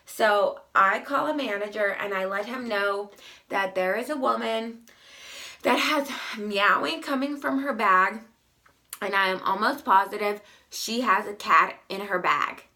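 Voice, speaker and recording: A young woman recounting work stories in a casual vlog, emphatic and often exasperated. She talks slowly, with a bright tone and plenty of gravelly fry. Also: mid-range voice. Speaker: vlogger.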